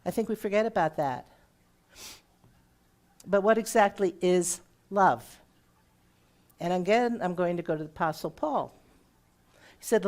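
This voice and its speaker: Middle-aged woman minister, slightly low-pitched, preaching a sermon in a chatty, conversational way. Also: measured pace, long pauses. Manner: warm conversational preaching with audience questions. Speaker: guest minister.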